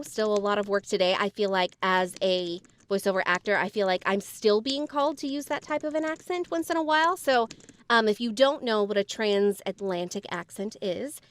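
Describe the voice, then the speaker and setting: A woman's voice: mid-range voice, normal speed, fairly bright tone, smooth. Woman voiceover actor explaining. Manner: explanatory, many fillers. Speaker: voiceover actor podcast host. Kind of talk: casual chat.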